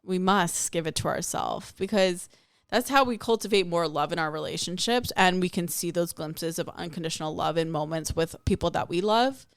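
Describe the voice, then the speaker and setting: A young adult woman talks candidly through a personal story on her spiritual podcast, often slipping into the voices of the people in it. Her voice is smooth and clear, sitting a little low for a woman. The sound is close and dry, with no room around it. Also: normal speed, no room sound. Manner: candid, storytelling with acted-out quotes. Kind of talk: personal reflective monologue.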